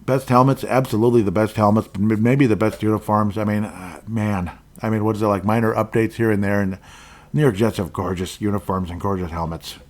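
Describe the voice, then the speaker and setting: A man's voice: on the low side, fairly even intonation, brisk, darkish tone. A man from Minnesota hosting a podcast, rambling through casual sports talk, going off on tangents, and speaking his mind bluntly. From Minnesota, USA. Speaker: podcast host.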